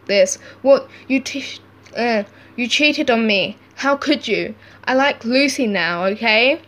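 Lady reading chat stories out loud, kinda high voice, takes her time, does little voices for each texter. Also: slow pace. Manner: acts out each texter with lively shifts in tone. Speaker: channel host reading text stories.

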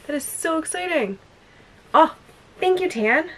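A woman chatting excitedly in a casual unboxing vlog, gushing over each gift at home. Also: high voice, a little slow. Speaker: vlogger opening a gift. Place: dim room at home. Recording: noisy home recording.

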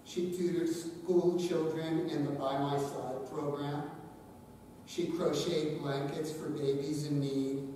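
A man in his later years tells warm stories at a memorial service. His voice is mellow and slightly high. It rings through a large, reverberant hall from a distant mic with faint hiss. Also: level tone, slow pace. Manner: gentle storytelling, light humor. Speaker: eulogy speaker, son-in-law. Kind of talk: memorial eulogy.

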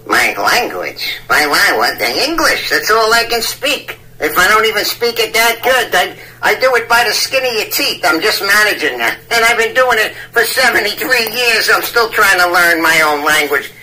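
A man's voice: high-pitched, big pitch swings, moderate pace, few pauses, sharp tone, heavily acted. A man voicing a rambling 73-year-old man on a prank phone call, stammering and cackling while he mixes up idioms. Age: old man persona. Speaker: scam baiter.

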